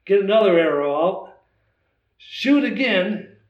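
Animated older man telling a story. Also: sits high, slow pace. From United States. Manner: animated storyteller, acts out voices in his tale. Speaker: guest. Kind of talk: storytelling in casual chat. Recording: roomy, distant, dull sound.

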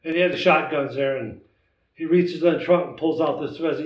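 A man in his sixties, a guest telling a hunting story in a lively, casual way, acting out the voices in it. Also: on the high side, brisk. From United States. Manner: animated storyteller, acts out voices in his tale. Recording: roomy, distant, dull sound.

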